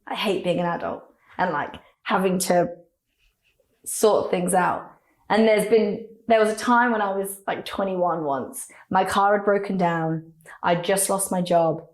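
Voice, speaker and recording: A woman, a radio presenter telling stories as an interview guest, chatty and animated, often acting out quotes. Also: fairly low pitch. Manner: chatty, laughing, animated storytelling with acted quotes. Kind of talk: casual interview chat. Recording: echoey room.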